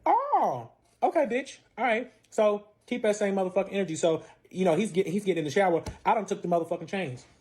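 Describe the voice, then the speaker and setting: A man rattles through a profane story at a quick clip. His voice sits a little high, and he talks in a casual, animated way, acting out the quotes as he goes. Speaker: storyteller guest.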